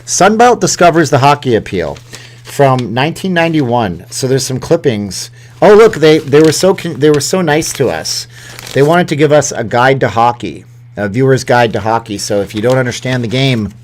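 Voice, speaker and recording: Guy chatting on his live stream, joking around, reading fan mail out loud, easygoing. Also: mid-range voice, lively intonation, moderate pace, a little hiss or hum. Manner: chatty, joking, reads viewer mail aloud. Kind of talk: casual live-stream chat.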